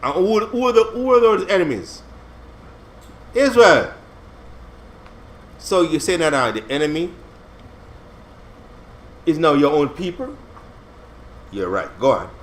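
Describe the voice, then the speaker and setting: A man's voice: a little high, sing-song, measured pace, long pauses, a little hiss or hum. A man leading a casual Bible study, explaining scripture in slangy, conversational talk full of restarts and "you know what I'm saying". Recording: echoey room.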